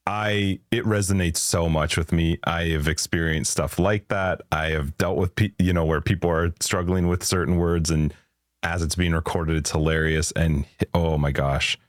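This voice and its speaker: Male podcast co-host, very low, dry-sounding voice, giggly and enthusiastic. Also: steady tone, moderate pace, dry recording. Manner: enthusiastic, giggly, playful banter. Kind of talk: casual gaming podcast chat.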